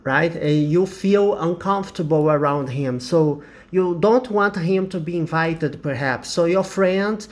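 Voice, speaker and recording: A man's voice: on the high side, a little slow, hardly any pauses. A man with a Brazilian Portuguese accent teaching an English lesson, explaining carefully and repeating example sentences.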